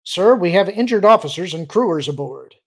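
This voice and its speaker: A man voicing a gruff older starship captain, speaking urgently and a bit louder than the narration. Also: on the high side, a little fast, voice pushed up. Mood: stiff pretense. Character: gruff older male starship captain posing as an Imperial, uneasy.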